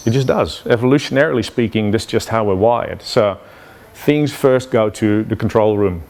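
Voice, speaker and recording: A man's voice: fairly low pitch, moderate pace, a little mellow. A man giving an informal lecture at an event, conversational and often checking in with "yeah" and "you know.". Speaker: speaker explaining brain biology.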